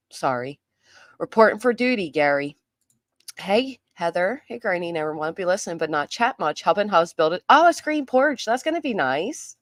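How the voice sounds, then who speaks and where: A woman with a lowish voice hosts a livestream in a clean studio recording with no echo. She chats away, greeting viewers by name, though her voice sounds a little worn because she's losing it.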